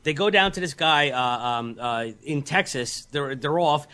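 A man's voice: fairly high pitch, lively intonation, measured pace, sharp tone. A man co-hosting a podcast, telling a rambling story in casual chat with many ums and restarts. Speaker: podcast co-host.

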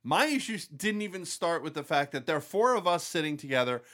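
A man's voice: on the high side, sing-song, fast, a bit bright. A man in casual conversation, telling a story wryly with lots of asides.

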